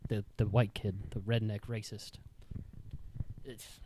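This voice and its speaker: A man's voice: fairly low pitch, level tone, takes it slowly, warm tone, slight background noise. A young man hosting a podcast, telling school stories in a rambling, profane, filler-heavy way in a studio. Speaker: podcast host. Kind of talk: casual storytelling.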